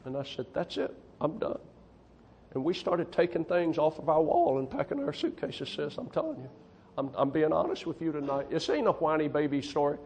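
A man's voice: fairly high pitch, expressive, brisk, darkish tone, a little hiss or hum. A man preaching a testimony sermon as a missionary to a church congregation, folksy and emphatic, often repeating himself for stress. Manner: folksy, emphatic, repeats "I'm telling you".

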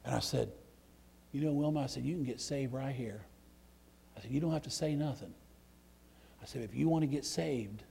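Middle-aged man, preacher, folksy sermon storyteller, gravelly and breathy, leaps from shouting to a hush. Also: mid-range voice, moderate pace, long pauses. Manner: folksy, swings from loud outbursts to hushed near-whispers.

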